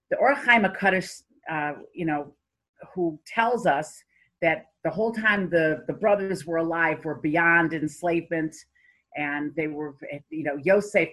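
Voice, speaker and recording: A woman's voice: deep voice, fairly bright tone, poor audio. A woman giving an informal Torah lecture, telling stories in a conversational way with many fillers and restarts. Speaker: Torah class teacher.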